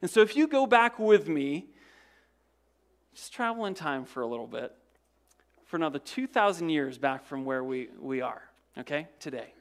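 A pastor preaching a sermon, retelling events dramatically. He repeats words as he goes, asks the congregation rhetorical questions, and swings from loud emphasis to hushed, low passages. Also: very animated, moderate pace. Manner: dramatic storytelling with frequent word repetitions and restarts.

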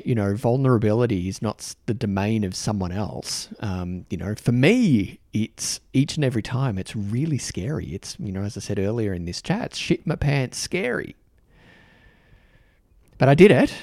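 A man with an Australian accent, hosting a podcast and talking earnestly to the camera, halting and restarting his sentences often. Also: mid-range voice, a little mellow, dry recording, clean studio sound. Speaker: podcast host. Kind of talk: reflective solo talk to camera. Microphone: microphone in front of him.

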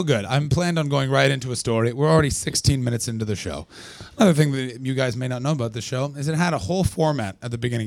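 A young Canadian man doing live stand-up at a small festival venue, profane and sarcastic, riffing with the crowd and breaking into yelled punchlines. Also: mid-range voice, no echo. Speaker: stand-up comedian.

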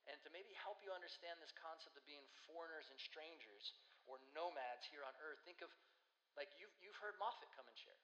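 A male pastor giving a sermon in an earnest, conversational way with slow pauses. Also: a little high, bright, forceful tone. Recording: echoey hall with long reverb.

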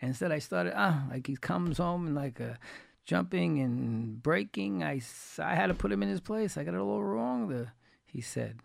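Giving a Torah talk at a moderate pace, this teacher speaks with lively intonation in a gravelly voice pitched a bit high. He retells folksy anecdotes with quoted dialogue and drives his main points home through repetition, recorded dry and close with no echo.

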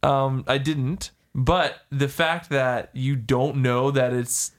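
A man's voice: mid-range voice, level tone, slow. Podcast guy acting kinda grumpy, plain mid voice, dry humor. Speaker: podcast co-host. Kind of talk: casual chat.

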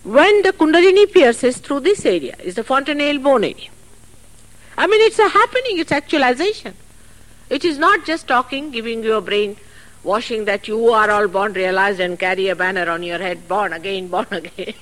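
Lively-voiced woman giving a spiritual talk. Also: on the high side, normal speed, poor audio. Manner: earnest, chatty asides, soft laughs. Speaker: spiritual teacher. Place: public hall. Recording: archive recording.

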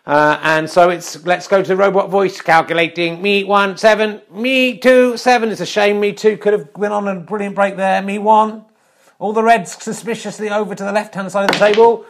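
A man's voice: sits high, level tone, fairly quick. A man giving spoof, mock-serious snooker commentary with wry topical asides. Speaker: comic mock sports commentator.

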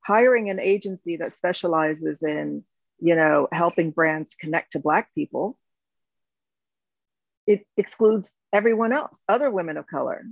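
A woman's voice: on the low side, measured pace, creaky, no echo. A woman in her fifties from the United States, a company founder talking reflectively in an interview, with many fillers and restarts. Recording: dull, slightly lo-fi sound.

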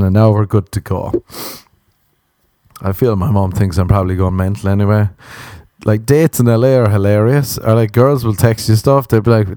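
Irish guy ranting on his podcast, low-ish voice, super dry close sound, swears a lot. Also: no echo. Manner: sweary, self-mocking, animated rant. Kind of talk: comic monologue.

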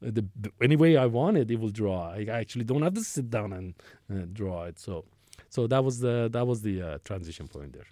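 With a fairly low, mellow voice and lively intonation, a man in his sixties talks briskly through a long work story as an interview guest. He rambles, restarts and performs bits of dialogue in a conversational style. The recording is dry and clean, from a studio.

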